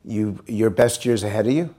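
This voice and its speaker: A middle-aged American man giving a speech to a university audience, telling a story in an earnest way and dropping quiet and grave at serious points. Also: fairly low pitch, normal speed. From United States. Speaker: pollster giving a talk.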